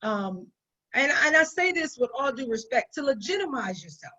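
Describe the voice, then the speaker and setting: A woman's voice: sits high, big pitch swings, moderate pace, pushed and bright. A woman business owner giving conversational business advice in an emphatic way, often repeating her points for stress. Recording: dull lo-fi sound.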